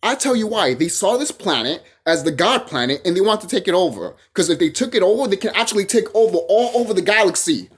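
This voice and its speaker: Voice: mid-range voice, sing-song, quick pace, hardly any pauses, breathy edge. A vlogger delivering a heated, profane monologue to camera, often repeating phrases and restarting sentences.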